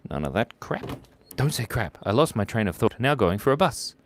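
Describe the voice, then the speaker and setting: A man's voice: lowish voice, big pitch swings, normal speed, a little hiss or hum. A man hosting a casual live drawing stream, giggly and playful, telling silly jokes while he draws at his desk at home. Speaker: art stream host.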